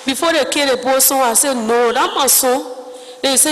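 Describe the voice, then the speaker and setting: A woman with a Liberian English accent giving spoken testimony in halting, broken phrases, acting out other people's words as she goes. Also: high voice, fairly bright tone, long reverb tail, poor audio.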